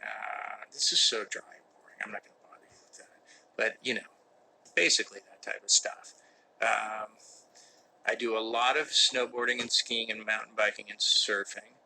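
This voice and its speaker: A man's voice: mid-range voice, creaky, sharp tone, slight background noise, poor audio. A middle-aged man chatting live from a room, reading fan questions aloud and answering with mock-serious jokes. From United States. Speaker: actor hosting a live Q&A. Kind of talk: casual live-stream chat. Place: indoor room with a window that does not open.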